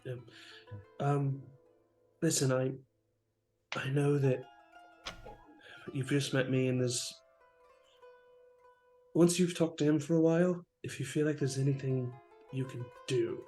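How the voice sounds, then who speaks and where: A man voicing an earnest older brother who speaks in a gentle, coaxing way. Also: mid-range voice, fairly even intonation, a little slow, pauses often, natural voice. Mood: confiding. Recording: roomy with faint music.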